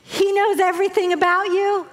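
A woman's voice: very high-pitched, level tone, moderate pace. An older woman preaching a sermon to a group of girls, telling the story expressively and acting out the voices of its people. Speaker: speaker at a women's event. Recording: long hall reverb.

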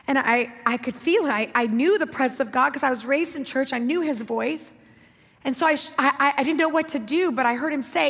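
A woman's voice: sits high, fairly quick, vocal fry, a bit bright, slightly rough. A woman pastor preaching a sermon, telling a personal story in an emphatic, conversational way with repeated phrases. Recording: long hall reverb with music behind.

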